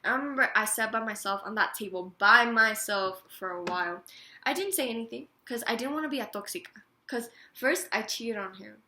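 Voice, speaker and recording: Young woman spilling tea in an echoey room, bright voice, says like a lot. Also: a little high, a little fast. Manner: chatty, swears freely, lots of "like" and acted-out quotes. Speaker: interview guest. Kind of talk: casual storytelling. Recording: roomy room with faint noise.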